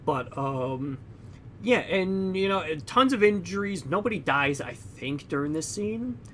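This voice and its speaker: A young man with a slightly higher voice recaps a film in a casual podcast chat, tossing in filler words and jumping into loud, high character voices. His pitch moves a lot as he tells the story. Faint noise sits under the recording. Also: expressive, unhurried. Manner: heavy use of fillers like "like" and "you know". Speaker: podcast co-host.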